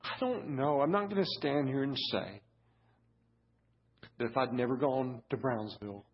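A middle-aged man preaching a storytelling sermon, halting and repeating words, building to fervent preaching. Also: medium pitch, breathy edge. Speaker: guest pastor. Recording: dull lo-fi sermon audio.

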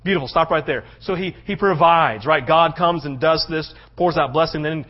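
A man's voice: on the high side, normal speed. A man preaching a sermon as a pastor, telling the story dramatically and slipping into voices for the characters. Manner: animated storytelling, acting out voices. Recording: muffled lo-fi sound.

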